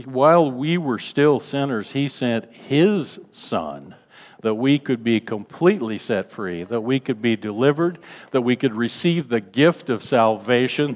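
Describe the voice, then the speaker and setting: Older male pastor, earnest testimony-style sermon, hall reverb. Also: medium pitch. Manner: earnest storytelling, slows for emphasis, acts out quoted voices.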